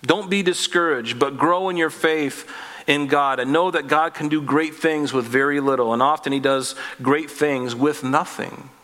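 Male pastor, chatty Bible teaching with rhetorical questions, a bit high-pitched, long hall reverb. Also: normal speed, fairly bright tone. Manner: conversational, with joking asides and rhetorical questions.

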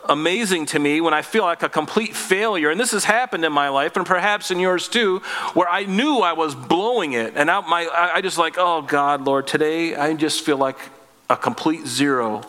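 Earnest preacher with a bright voice. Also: male voice, on the high side, big-room sound. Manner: earnest, conversational preaching with rhetorical questions. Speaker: pastor. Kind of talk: sermon.

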